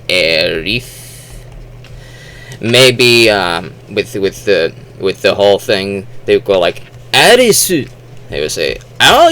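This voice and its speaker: A man's voice: sits low, vocal fry, fairly bright tone, slight background noise. A man giving casual spoken commentary as a video host, rambling with restarts and fillers. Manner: acts out silly exaggerated quotes.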